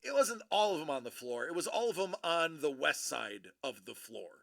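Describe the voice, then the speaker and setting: A man's voice: a little high, big pitch swings, moderate pace, vocal fry, a bit bright. A man hosting a livestream, telling a rambling, chatty story in a casual way and correcting himself as he goes. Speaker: livestream host. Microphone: streaming microphone.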